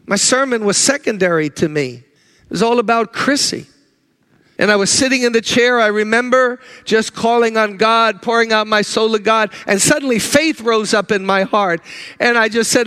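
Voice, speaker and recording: A man preaching a sermon with deep emotion, moving between urgent, rising declarations and low, hushed passages. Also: normal speed, clean tone. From United States. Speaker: pastor.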